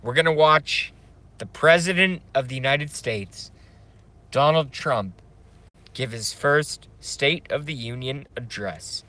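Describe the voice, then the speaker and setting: A man's voice: medium pitch, slow pace, pushed and bright. A man hosting a casual livestream, rambling, swearing, and reading out viewer comments. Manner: rambling, profane, emotional; reads chat comments aloud. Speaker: livestream host.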